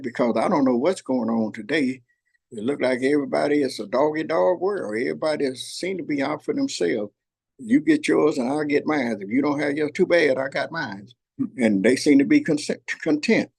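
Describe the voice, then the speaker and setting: An older man hosting, telling heartfelt family stories in an earnest, folksy way with a rough, husky voice. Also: mid-range voice, lively intonation, normal speed, a little mellow. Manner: earnest, folksy, repeats phrases, voices his granddaughter in quotes. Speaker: host. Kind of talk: heartfelt storytelling chat. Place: workplace shop.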